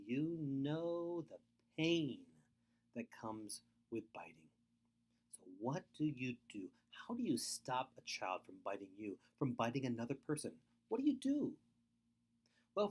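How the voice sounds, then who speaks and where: Earnest man giving a lively webinar talk. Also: medium pitch. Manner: earnest, emphatic, repeats points. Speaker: foster care speaker. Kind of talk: webinar lecture.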